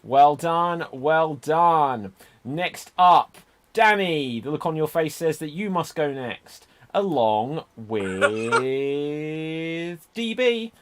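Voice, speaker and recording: A man's voice: fairly high pitch, lively intonation, drawn-out words, fairly bright tone, a little hiss or hum. A man hosting a livestreamed improv comedy show over a video call, upbeat and announcing. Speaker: host.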